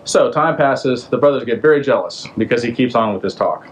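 A man's voice: medium pitch, lively intonation, fairly quick, low-quality recording. Offhand, slangy male storyteller. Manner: slangy, offhand retelling with rhetorical questions. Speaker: podcast host. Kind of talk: casual storytelling.

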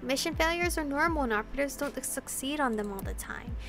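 Gentle, reassuring game doctor, female, read by a woman in a slightly high voice. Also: expressive, fairly quick, faint music behind. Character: calm, kind female doctor counseling a young agent.

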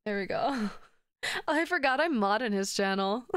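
A woman's voice: on the high side, animated, a little slow, fairly bright tone, smooth. A woman streamer chatting casually with her viewers while gaming, joking in a playful, crude and flirty way.

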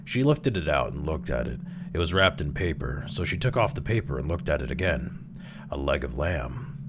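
Very deep-voiced male storyteller. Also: background noise. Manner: expressive, slows down for tense moments. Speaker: story reader. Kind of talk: dramatic story narration.

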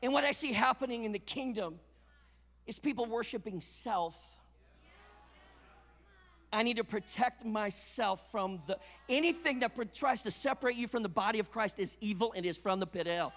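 A man delivers a sermon with a high, bright voice. His delivery is emphatic, rising to loud punches and dropping to quiet asides. The sound carries the long reverb of a large conference hall. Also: moderate pace. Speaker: conference speaker.

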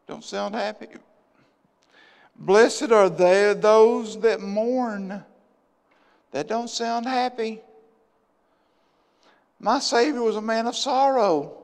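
Man, pastor preaching, fairly high voice, long church reverb, passionate. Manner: impassioned, swinging between loud bursts and hushed asides. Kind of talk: sermon. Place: church sanctuary.

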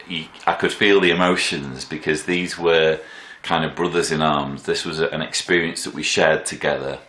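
A man in his thirties telling personal stories in a thoughtful, halting way, full of fillers and restarts. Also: a bass voice, a bit bright. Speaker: vlogger. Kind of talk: reflective personal storytelling. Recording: echoey room.

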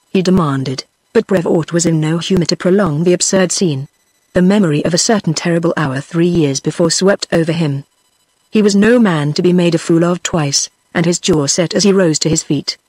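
A woman's voice: fairly low pitch, husky, dry recording. Synthetic British woman reading a story. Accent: British English. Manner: even synthetic reading, all characters in one voice. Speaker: audiobook narrator. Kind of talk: text-to-speech book reading.

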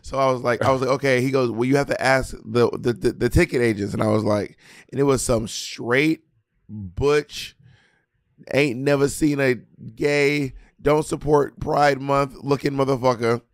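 Speaking at a normal pace in a mid-range voice, this man co-hosts a podcast and chats casually. His storytelling is lively, packed with acted-out quotes, and he throws in crude, teasing jabs.

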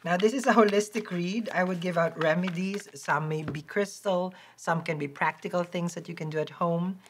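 A woman with a Filipino accent giving a lively, chatty tarot reading and promoting her shop, laughing often. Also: moderate pace, a little hiss or hum. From Philippines. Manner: high-energy, chatty, laughs often, restarts words. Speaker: tarot reader and shop owner.

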